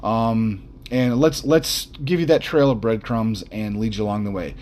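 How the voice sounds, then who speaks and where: A man's voice: on the low side, moderate pace, darkish tone. A man hosting an unscripted podcast who rambles bluntly, with lots of fillers and restarts, and throws in mild profanity and jokes. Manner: mildly profane, jokey asides. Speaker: podcast host.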